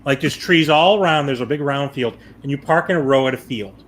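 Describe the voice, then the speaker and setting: A man hosting a casual chat show, telling a long story in a rambling way and acting out his own panicked shouts. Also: medium pitch, a little fast. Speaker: show host.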